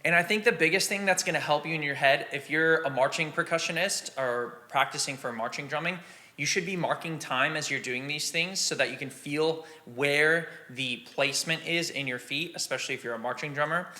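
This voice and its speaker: Bright-voiced man teaching drums. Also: a little high, a little fast. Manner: clear, patient explaining, counts beats aloud. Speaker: drum teacher. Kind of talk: instructional drum lesson.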